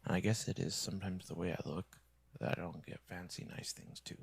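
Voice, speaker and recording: A man's voice: sits low, fairly even intonation, fairly quick, gravelly, husky. A man streaming a rambling, bitter monologue to his viewers, complaining and often dropping into a whisper.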